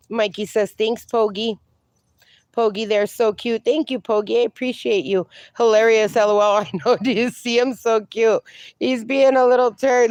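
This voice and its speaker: A woman's voice: fairly high pitch, fairly even intonation, unhurried, pauses often, darkish tone, no room sound, clean studio sound. A woman hosting a casual livestream, reading viewer comments aloud and cooing at her dogs, a little sniffly from allergies. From USA. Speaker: livestream host.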